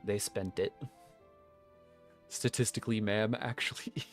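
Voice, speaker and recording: A man with a low voice chats casually with his viewers while he plays a game, reading bits of the game text aloud as he goes. Quiet music plays behind him. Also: fairly even intonation, unhurried. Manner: chatty, talks to chat and reads game text. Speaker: streamer. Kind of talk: casual gameplay chat.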